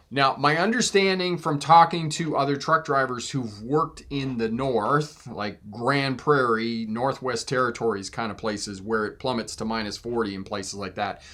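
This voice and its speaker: Chatty driving instructor, man, mid-pitched. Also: a bit bright. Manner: chatty, laughs often, acts out exchanges in voices. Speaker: driving instructor and channel host. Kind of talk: casual live viewer Q&A.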